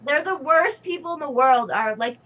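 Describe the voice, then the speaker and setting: A woman guest rants on a comedy talk show with an exasperated tone. Her voice sits slightly high, and she leans on fillers as she swears. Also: lively intonation, moderate pace, fairly bright tone. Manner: exasperated, filler-heavy ranting. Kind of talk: crude comedic chat.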